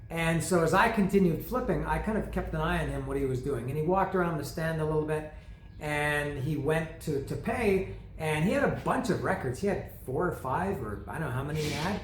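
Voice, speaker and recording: A man's voice: a little high, fairly quick, slight background noise. A man hosting an album review show, telling a long story in a rambling, self-mocking way with many asides. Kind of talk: casual rambling monologue. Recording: echoey room.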